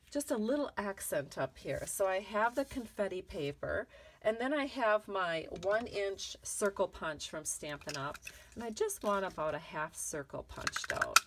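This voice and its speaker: Woman craft demonstrator, friendly step-by-step tutorial voice, mid-range pitch, faint noise behind. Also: lively intonation, measured pace. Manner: chatty and encouraging.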